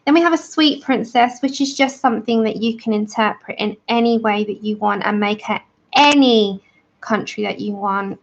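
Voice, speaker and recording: A woman's voice: medium pitch, moderate pace, vocal fry, muffled recording. A woman hosting a colouring livestream, chatting enthusiastically and greeting viewers by name. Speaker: livestream host of a colouring channel. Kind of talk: casual livestream chat with viewers.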